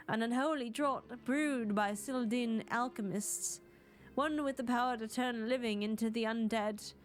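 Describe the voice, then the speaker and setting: A woman voicing a frantic, grieving old mother, wailing and melodramatic with a rough put-on accent. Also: a little high, lightly acted.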